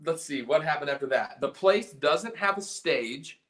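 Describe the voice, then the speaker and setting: A man's voice: fairly high pitch, expressive, moderate pace, fairly bright tone. A man from South Carolina, a punk band's singer and guitarist, telling a story as a podcast guest in a rambling, profane way with lots of restarts. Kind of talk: casual storytelling chat.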